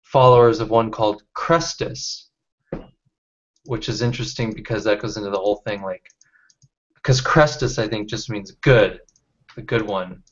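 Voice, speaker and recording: A man leading a casual online study group, reading out chat comments and talking with halting restarts over a video call. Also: fairly low pitch, fairly even intonation. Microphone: computer mic on video call. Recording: dull lo-fi call audio.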